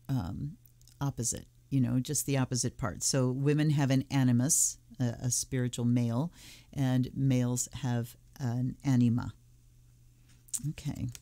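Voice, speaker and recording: Slow, mellow-voiced woman musing over cards. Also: rumbling low, no room sound. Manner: musing, thinking aloud while flipping cards. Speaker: tarot reader and channel host. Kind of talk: casual deck unboxing commentary.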